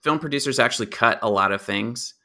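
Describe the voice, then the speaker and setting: A young man co-hosting a podcast, explaining film history in a relaxed, informative way with a dry sense of humor. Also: medium pitch, fairly quick, gravelly. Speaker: podcast co-host. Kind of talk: casual movie review chat.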